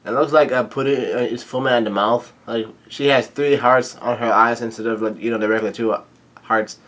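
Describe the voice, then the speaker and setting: A man casually narrating a comic read-along, halting with many fillers. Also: mid-range voice, fairly even intonation, a bit bright. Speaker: channel host reading a comic aloud.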